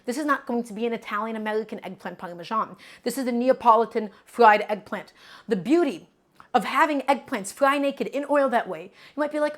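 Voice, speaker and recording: A chatty woman hosts a relaxed cooking livestream with a fairly high voice. She walks through each step in a friendly, reassuring way. She keeps stopping to answer questions from chat. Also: brisk. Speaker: cooking show host.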